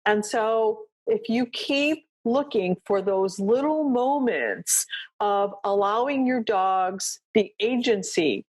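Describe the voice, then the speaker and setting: A woman's voice: medium pitch, lively intonation, slow. A woman hosting a dog training podcast, talking through a coaching session in a loose, conversational way. She checks in with "right?" and "you know what I mean?" and acts out short exchanges with her dog. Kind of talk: coaching talk, casual explanation.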